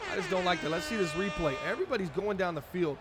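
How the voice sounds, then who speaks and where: A man with a high voice talks through his football video game on a live stream, calling plays and cheering on his team like a fan. Game music plays clearly under his voice. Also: quick pace. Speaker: streamer playing a football franchise mode. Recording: game music playing behind voice. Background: video game music and sounds.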